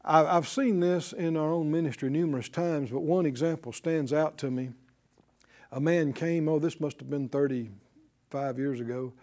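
A man's voice: a little high, moderate pace, a little mellow. An older man preaching a sermon, drawing call-and-response from the congregation and retelling conversations. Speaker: pastor.

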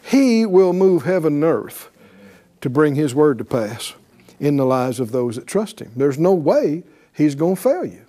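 A man with a high voice preaches at an unhurried pace, stressing his points and checking in with his listeners. His tone is mellow and dark despite the high pitch. He reads scripture aloud and slips into voiced quotes. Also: sing-song. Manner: emphatic, calls for responses with "right?". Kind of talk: sermon.

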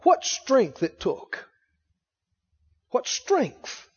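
A man's voice: very high voice, wildly swooping pitch, very slow, slightly rough, long reverb tail, muffled recording. A man preaching a fervent sermon and drawing call-and-response from his congregation.

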